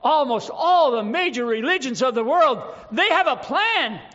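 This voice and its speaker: A man preaching a sermon, reading scripture slowly and emphatically and asking rhetorical questions. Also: extremely high pitch, animated, pushed and bright. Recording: dull reverberant hall recording.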